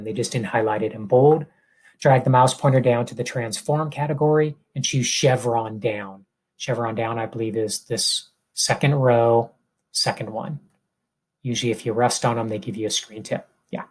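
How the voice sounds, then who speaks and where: A male instructor walking through a software exercise step by step, reading each instruction aloud and thinking out loud as he clicks. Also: medium pitch. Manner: methodical, reads steps aloud and thinks out loud. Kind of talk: screen-recorded software tutorial.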